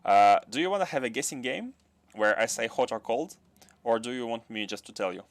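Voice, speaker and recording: This game streamer is a man from Russia whose Russian accent carries a touch of French. Speaking briskly at a medium pitch with lively intonation and no echo, he mutters as he builds and replies to his livestream chat.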